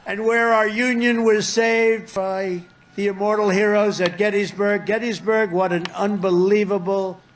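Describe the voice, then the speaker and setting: A man's voice: high-pitched, flat delivery, unhurried, hardly any pauses, slight background noise. An older man giving a rally speech, rambling and repeating himself as he meanders through asides. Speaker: politician speaking at a rally.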